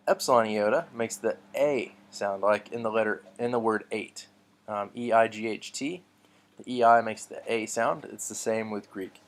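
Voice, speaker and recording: Low-voiced man teaching Greek sounds. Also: normal speed. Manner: patient, spells words out letter by letter, frequent ums and restarts. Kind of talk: relaxed teaching lesson.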